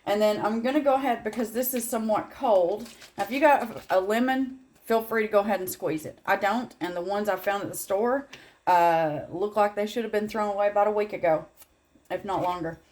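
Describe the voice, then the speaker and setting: A middle-aged Southern woman walks through a homemade recipe in an easygoing, rambling way. She drifts into asides and small laughs as she goes. Her voice sits at an ordinary, middle pitch. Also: a little fast, darkish tone. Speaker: home cooking channel host. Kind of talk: casual cooking demonstration.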